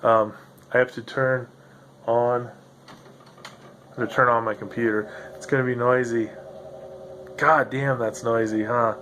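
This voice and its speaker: A man's voice: medium pitch, little pitch movement, slow, long pauses, fairly bright tone, slight background noise. A man hosting a rambling solo podcast, loose and profane, who laughs often as he talks. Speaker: podcast host. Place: home room with a noisy computer. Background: grinding computer fan.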